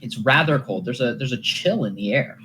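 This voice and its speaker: A game master narrating a tabletop session in a lively way and laughing easily. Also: mid-range voice, moderate pace, a little hiss or hum.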